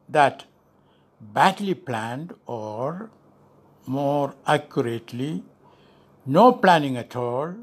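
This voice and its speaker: Older guy, ex ambassador type, talks slow and stresses words, kinda high voice. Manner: measured and emphatic, stressing key words. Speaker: interviewee, former ambassador. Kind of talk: deliberate spoken commentary.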